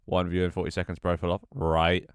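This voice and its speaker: A man's voice: low voice, monotone, fairly quick, clean tone, no echo, clean studio sound. A tired, out-of-breath young man chatting casually with his livestream audience, sighing and swearing offhandedly. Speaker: Twitch streamer.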